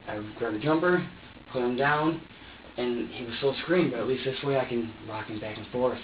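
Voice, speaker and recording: Questioned by police in an interview room, a man with a mid-range voice talks fairly quickly, nervously rambling, saying things twice, and starting his sentences over. The recording comes from a distant room recorder, sounding roomy, dull, lo-fi, and faintly hissy.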